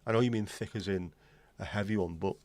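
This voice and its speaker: Low, darkish, and brisk, the voice belongs to a forties-aged Englishman hosting a livestream with no room sound. He chats casually but bluntly, voicing strong opinions and straying into one aside after another.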